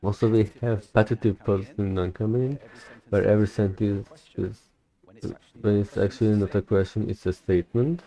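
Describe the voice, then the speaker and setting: A young man whose first language is Turkish recites a recorded speech in English to practice. His voice sits fairly low and sounds soft and mellow. He speaks deliberately, mimicking the original's stresses and stumbling now and then. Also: steady tone, low-quality recording. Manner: careful, deliberate recitation with mimicked emphasis and occasional slips. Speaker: language learner. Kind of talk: shadowing a recorded talk aloud.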